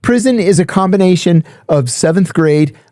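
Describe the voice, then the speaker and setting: Middle-aged guy spinning stories on a podcast, mellow dark voice, dry close sound. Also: high voice, moderate pace, no room sound. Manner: animated storyteller, acts out quoted voices. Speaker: podcast host telling prison stories. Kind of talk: casual storytelling chat.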